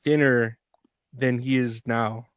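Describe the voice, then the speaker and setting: A man's voice: medium pitch, fairly even intonation, slow, smooth, dry recording, studio quality. A young man co-hosting a casual podcast, rambling and filling his talk with "like" while laughing easily. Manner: rambling, lots of filler likes, laughs easily. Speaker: podcast co-host. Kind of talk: casual chat.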